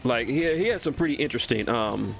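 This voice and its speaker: A Texan man streams a game and rambles through cartoon trivia, often stumbling, repeating words and swearing casually. His medium-pitched voice is animated and brisk, with vocal fry.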